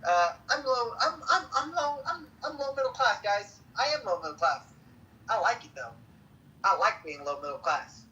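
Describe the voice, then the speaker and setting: A young man bantering and mocking people on a live audio chat, joking loudly with sudden outbursts. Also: high voice, animated, normal speed, recorded from a distance, lo-fi sound. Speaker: chat room participant.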